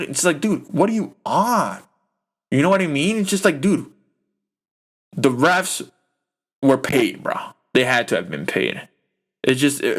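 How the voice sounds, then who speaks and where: A young man hosting a podcast, ranting about a football game in a heated, profane, rambling way full of fillers. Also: fairly high pitch. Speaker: podcast host. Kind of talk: casual sports rant.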